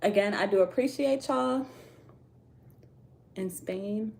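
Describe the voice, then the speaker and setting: Hosting a laid-back tarot livestream from her home, this American woman chats with viewers in loose slang and laughs a lot. Her voice sits in the middle range and comes out slow and creaky, with a darkish tone.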